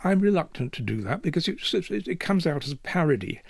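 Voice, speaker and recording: A man's voice: a little high, big pitch swings, gravelly, breathy edge, no echo, studio quality. A man in his seventies from Yorkshire, speaking thoughtfully and measuredly as an interview guest. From Yorkshire, England. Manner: thoughtful and measured, with occasional restarts. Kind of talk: reflective conversational interview.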